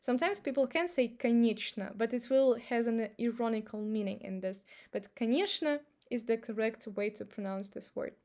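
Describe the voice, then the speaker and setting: A woman's voice: on the high side, moderate pace, hardly any pauses, a little mellow. A woman with a Russian accent, a native speaker of Russian, patiently explaining pronunciation rules step by step in a language lesson.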